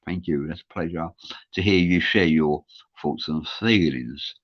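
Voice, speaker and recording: A low-voiced London man hosts a live show, reading out viewer comments at a measured pace. The muffled lo-fi recording captures his earnest rambling and constant filler uhs.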